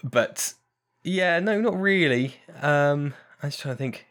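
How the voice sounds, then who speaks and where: A man's voice: on the high side, lively intonation, takes it slowly, fairly bright tone. A man chatting casually as a podcast guest about tabletop games, rambling and correcting himself as he goes, with frequent laughs. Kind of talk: casual chat.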